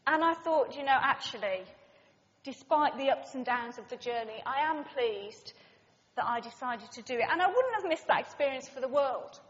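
A woman gives a sermon and tells her story with lively, animated delivery, playing out the voices of the people she quotes. Her voice sits high, and it carries a long reverb in a big hall, heard through slightly muffled sound. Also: normal speed. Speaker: preacher. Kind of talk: sermon with personal anecdote.

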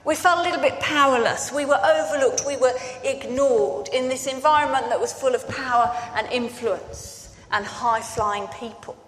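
Woman preacher, higher voice, chatty storytelling sermon, echoey church hall. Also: moderate pace, hardly any pauses, a bit bright, slight background noise. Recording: echoey hall with long reverb.

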